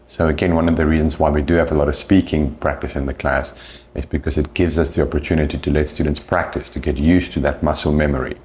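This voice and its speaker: A man, an English teacher, explaining pronunciation patiently and slowing down to demonstrate sounds. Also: very deep voice, steady tone, darkish tone, slight background noise.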